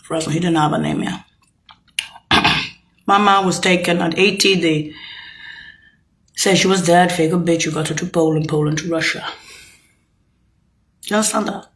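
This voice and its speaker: A woman's voice: lowish voice, fairly even intonation, normal speed, long pauses, a bit bright. A woman delivering an angry, profane, rambling rant straight to the listener. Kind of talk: unscripted rant to camera.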